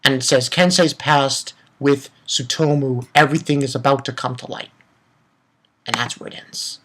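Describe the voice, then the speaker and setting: A man's voice: medium pitch, steady tone, moderate pace, fairly bright tone, a little hiss or hum. Young guy hyped up reviewing a manga chapter, rambly, swears a lot. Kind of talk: casual solo review.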